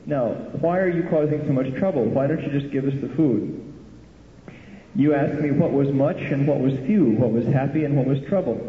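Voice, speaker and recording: Brief: a man voicing an indignant young disciple, quick protesting delivery, tinny echoey hall sound. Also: medium pitch, a little hiss or hum, lightly acted. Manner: protesting, rapid, insistent. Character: indignant young male disciple, hot-tempered.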